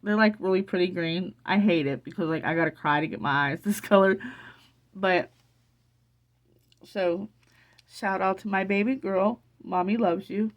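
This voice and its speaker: A middle-aged woman in an emotional casual vlog, excited and teary, rambling with many restarts. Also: mid-range voice, moderate pace, pauses often, muffled recording. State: teary from crying. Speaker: vlogger.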